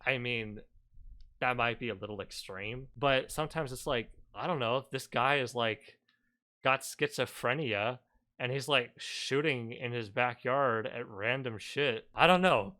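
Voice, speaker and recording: A man's voice: mid-range voice, a little slow, pushed and bright. A man giving sarcastic reaction commentary, swearing casually and filling his talk with "like" and "you know". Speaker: commentary YouTuber.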